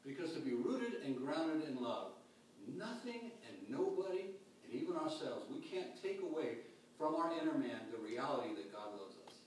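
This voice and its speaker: A pastor preaching a sermon with dynamic swings between loud calls and hushed, quiet lines. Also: male voice, on the high side, big pitch swings, normal speed, recorded from a distance, a little hiss or hum. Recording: echoey hall picked up from afar.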